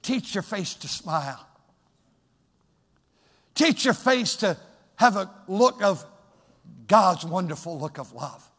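High-voiced fervent preacher in a reverberant hall. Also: male voice, lively intonation, slow pace, long pauses, breathy edge. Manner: fervent, builds to shouting. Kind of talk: sermon.

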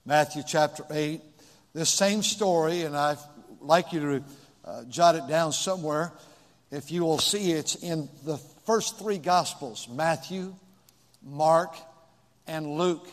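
A man with a fairly high voice introduces a Bible passage to his congregation, speaking casually with fillers and restarts. His voice rings with a long reverb, as if in a large hall. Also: takes it slowly. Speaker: pastor. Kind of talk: sermon, Bible reading intro.

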